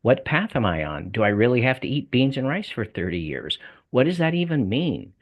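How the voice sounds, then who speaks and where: Older man, southern US accent, folksy interview guest, mid-pitched, often repeats himself. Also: very animated, moderate pace, muffled recording. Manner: folksy, repeats words and restarts. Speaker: guest, debt coaching salesman. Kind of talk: conversational interview.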